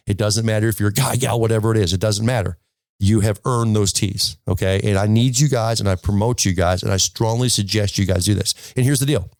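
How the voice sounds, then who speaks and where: A man's voice: on the low side, darkish tone, dry recording. A man giving a casual golf lesson to camera, emphatic and telling stories, checking in with "okay?" all the time. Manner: storytelling, full of restarts. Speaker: golf instructor. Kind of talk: casual instructional talk to camera.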